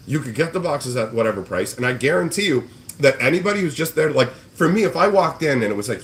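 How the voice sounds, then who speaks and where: A man's voice: medium pitch, very animated, fast, a little hiss or hum. A man hosting a casual livestream, ranting in a profane, exasperated way about card game scalpers and mocking people with put-on voices. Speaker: card game show host.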